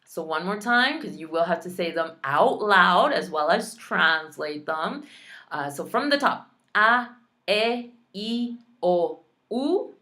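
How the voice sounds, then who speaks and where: A woman's voice: lowish voice, expressive, slow, pushed and bright. A woman teaching a Spanish lesson online, pronouncing practice words carefully and adding chatty, playful asides.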